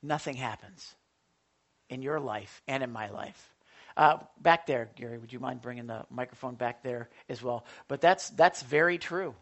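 Animated pastor preaching a sermon. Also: medium pitch, normal speed. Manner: animated, asks the congregation questions. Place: church with congregation.

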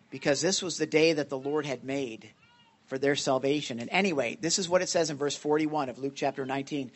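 A man's voice: a little high, fairly bright tone. A man preaching an informal sermon in a church, earnest and conversational, often checking in with his listeners. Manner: earnest, conversational, with frequent "right?" check-ins. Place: church sanctuary.

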